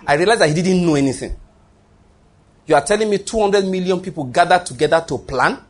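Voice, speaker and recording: A man's voice: fairly high pitch, husky. A man preaching a sermon, emphatic and repetitive, often restarting his phrases.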